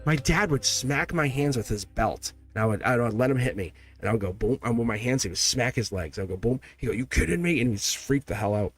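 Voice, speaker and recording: A man's voice: mid-range voice, brisk, few pauses, soft background music. A man in his forties hosting a live tarot stream, talking in an emphatic, rambling way and laughing between points. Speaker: tarot reader and livestream host.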